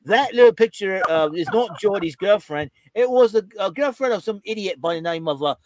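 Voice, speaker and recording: A blustering, slang-heavy wrestler figure, played by a man doing a put-on voice. He talks high with lively, swooping pitch. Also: a little fast, dry recording. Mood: ranting. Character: brash, blustering British-talking male wrestler. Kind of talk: comedic impression role-play.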